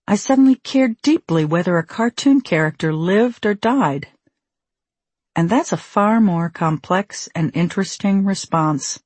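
A woman's voice: medium pitch, expressive, a little slow, a little mellow, breathy edge, dry recording. Wry woman narrating her memoir. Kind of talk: audiobook narration.

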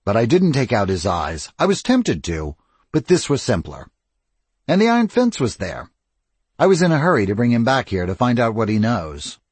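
A man voicing a blunt, brawny ancient male vampire, speaking rough and forceful. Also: medium pitch, wildly swooping pitch, moderate pace, dry recording.

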